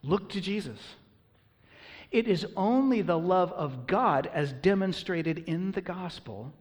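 A pastor preaching with earnest emphasis, his voice slightly husky and pitched a little high for a man. His words ring out with a long reverb, as in a large church hall. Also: expressive, takes it slowly. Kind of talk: sermon.

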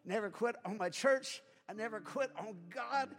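High-voiced older man preaching. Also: moderate pace, few pauses. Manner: builds to fervent shouting preaching. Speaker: pastor. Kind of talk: sermon. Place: church sanctuary. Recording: reverberant church hall with music.

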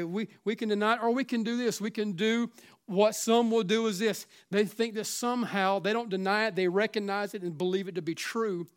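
Fervent Southern preacher, South Carolina accent. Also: male voice, high voice, clear, resonant tone. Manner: fervent, swings from loud urging to hushed near-whisper, repeats "listen". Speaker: pastor. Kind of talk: sermon.

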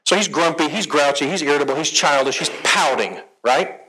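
A middle-aged man, a therapist and conference speaker, giving a conversational, animated talk on marriage to a live audience and asking them questions. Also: on the high side, fairly quick, slightly rough, faint music behind, poor audio.

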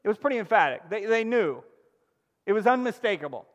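A man preaching a sermon, emphatic and asking the congregation questions, swinging from loud exclamations down to a near-hush. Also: sits high, very animated, fairly quick, big-room sound, dull audio. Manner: emphatic, call-and-response preaching with sudden drops to a hush. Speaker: pastor.

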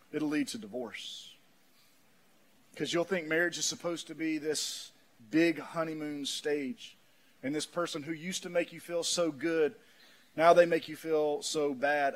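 Man, pastor, sermon, high voice, folksy, shouts then drops quiet. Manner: preaching with swings from shouting to low quiet; folksy, says "man" often.

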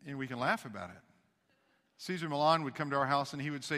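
A man preaching a sermon as pastor, talking conversationally and swinging between loud emphasis and hushed asides. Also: mid-range voice, lively intonation, fast talker, big-room sound.

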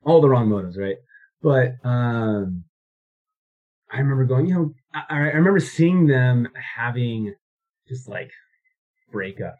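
A man's voice: mid-range voice, animated, measured pace, pauses often, narrow, tinny audio. A man in his thirties, a guest recounting his life story in a casual interview, rambling with many fillers and restarts.

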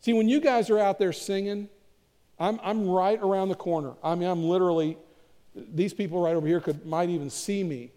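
A man's voice: high voice, steady tone, fairly quick, warm tone. A man pastor preaching a conversational, self-deprecating sermon in a church, often repeating words. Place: church sanctuary. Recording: long church reverb.

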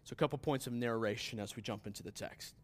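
A man preaching a sermon in a relaxed, conversational way, with asides to the congregation. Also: mid-range voice, fast talker. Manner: conversational preaching that rises to emphatic scripture reading. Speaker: pastor.

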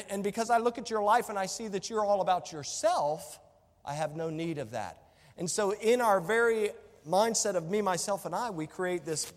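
A man's voice: high-pitched, big-room sound. A man preaching a sermon as pastor, impassioned and repeating phrases for emphasis.

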